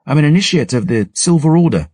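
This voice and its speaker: A man's voice: fairly high pitch, very animated, fast, dark tone, no room sound, clean studio sound, voice pushed up. A man voicing a young, touchy initiate of a holy order who sounds flustered and indignant.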